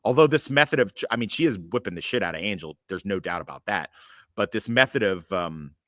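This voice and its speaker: A man's voice: fairly low pitch, lively intonation, brisk, bright, forceful tone, dry recording, clean studio sound. A man hosting a podcast in a casual chat, rambling with lots of fillers, swearing freely and tossing in sarcastic asides. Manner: rambling, hesitant, with many fillers and frequent swearing. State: occasional coughing from allergies. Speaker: podcast host.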